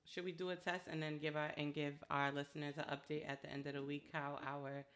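A young woman co-hosting a podcast in casual chat, animated and laughing often as she acts out stories. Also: low-pitched, brisk. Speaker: podcast co-host.

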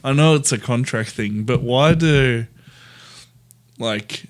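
Slow-talking Australian man, chuckling. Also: mid-range voice. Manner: chuckling, unhurried, trailing off mid-sentence. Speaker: podcast co-host. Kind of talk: casual sports chat.

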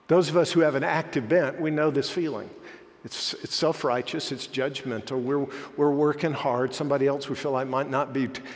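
A man's voice: mid-range voice, steady tone, moderate pace, in a large hall. A male pastor preaching a sermon in a conversational, self-deprecating manner.

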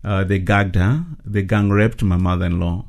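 A middle-aged man from South Africa, a ministry leader giving earnest, measured testimony in a radio interview. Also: deep voice, fairly even intonation, vocal fry, darkish tone.

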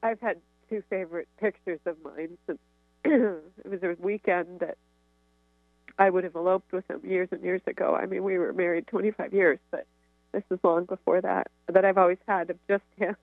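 A woman's voice: on the low side, fairly even intonation, normal speed, no echo. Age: middle-aged. Sex: woman. Role: caller on a tinny phone line. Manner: tender, reminiscing. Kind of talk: sharing memories on a call-in show.

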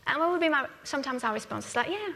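A woman's voice: high-pitched, rapid-fire, creaky, pushed and bright, a little hiss or hum. A woman from France, preaching a conversational sermon in a church and often asking "yeah?" as she goes. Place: church hall. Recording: long hall reverb.

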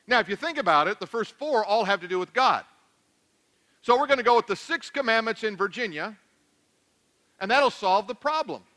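A male pastor preaching a sermon, animated and joking, swinging between loud declarations and hushed asides. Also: sits high, moderate pace, long pauses.

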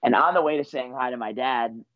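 Being interviewed as a guest, a young wrestler in his twenties rambles through his story in a relaxed way, using lots of fillers. He talks briskly in a mid-range voice, and the recording is dry and lo-fi.

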